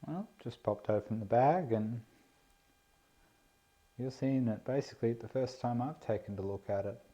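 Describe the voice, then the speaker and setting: Indoors on a camera mic, an RC plane hobbyist vlogger unboxes a model plane with laid-back, self-deprecating commentary. His medium-pitched voice is mellow with a breathy edge, at normal speed, and the audio is dull and lo-fi.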